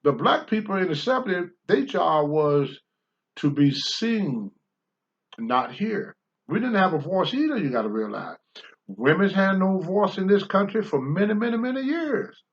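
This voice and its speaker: A man's voice: high-pitched, sing-song, measured pace. An older man, a former pro wrestler, speaking bluntly and with profanity as a talk-show guest. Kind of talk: candid talk-show storytelling. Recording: dull lo-fi sound.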